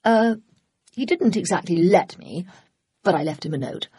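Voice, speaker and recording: A woman voicing a cheeky, eager young man in an audiobook, breezy and coaxing, with a husky voice. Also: fairly low pitch, lively intonation, normal speed, dark tone, dry recording, clean studio sound.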